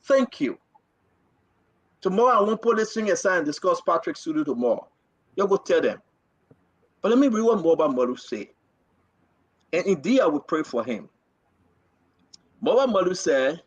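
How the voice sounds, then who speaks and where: Animated man hosting political talk. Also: high-pitched, normal speed, pauses often. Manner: emphatic, repeats phrases, reads quotes aloud. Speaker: host of a live talk show. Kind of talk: live political commentary.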